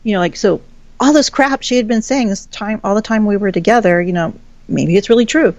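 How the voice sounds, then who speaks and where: A woman's voice: mid-range voice, fairly quick, a little mellow, dry recording, highs cut off. A woman guest telling a personal story in a frank, chatty way, swearing casually. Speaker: podcast guest.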